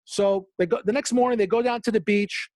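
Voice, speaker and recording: A motivational speaker talks briskly in a webinar with no echo. Telling stories with plenty of animation, he performs the quotes using big pitch jumps and repeats words for emphasis.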